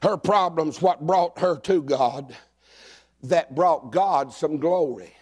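A middle-aged preacher delivers a sermon from the pulpit. His voice sits fairly high for a man and he speaks slowly and deliberately. He mixes folksy jokes with sudden shouted passages. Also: husky. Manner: folksy, joking and shouting in bursts. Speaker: pastor. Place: church sanctuary.

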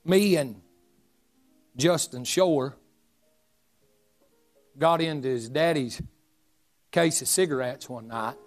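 A man's voice: on the high side, takes it slowly, pauses often, soft background music. Folksy preacher man in his forties. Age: 40s. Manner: folksy, humorous, animated storytelling. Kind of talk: storytelling sermon.

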